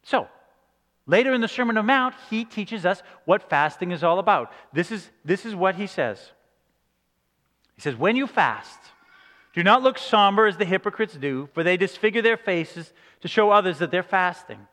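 A man with a high voice preaches a sermon in a loose, conversational way, acting out little quoted reactions as he goes. His voice rings with the long reverb of a large church hall. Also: expressive, moderate pace, a bit bright. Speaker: pastor.

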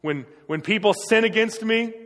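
A man's voice: high voice, normal speed, fairly bright tone, long reverb tail. A man preaching a sermon in an earnest, emphatic way, often repeating his phrases. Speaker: pastor.

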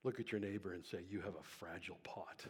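A man preaching a sermon to a church congregation, swinging between hushed, slow passages and loud, impassioned climaxes, breathing heavily into the microphone. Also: sits low, fairly even intonation, crowd noise. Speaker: pastor.

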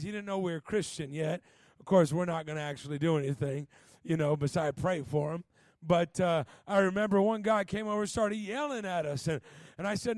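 Fervent high-voiced preaching man. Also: normal speed, no room sound. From Los Angeles. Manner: says "uh" before many phrases, shouts with rising fervor in the exhortation; conversational storytelling with "man" and "bro". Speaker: evangelist. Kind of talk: Pentecostal sermon with a personal story.

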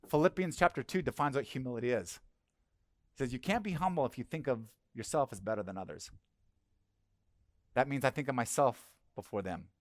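A man's voice: medium pitch, no room sound, studio quality. A middle-aged male pastor giving a conversational sermon and asking the congregation questions.

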